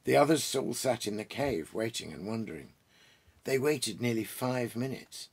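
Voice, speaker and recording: A man reading a children's story aloud in a gentle, musing way, pausing and restarting as he retells the plot. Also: medium pitch, animated, breathy edge. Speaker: reader and storyteller.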